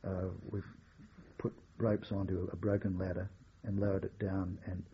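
An older man, a war veteran, recalling his memories in a measured oral-history style with occasional wry chuckles. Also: deep voice, level tone, dull audio, slight background noise.

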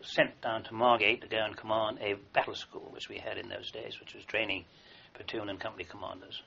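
A man's voice: lowish voice, little pitch movement, a little fast, creaky, bright, forceful tone, a little hiss or hum. An older man, an army veteran, telling long wartime anecdotes in a rambling way with fillers and restarts, in a dull lo-fi recording. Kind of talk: oral history recollection.

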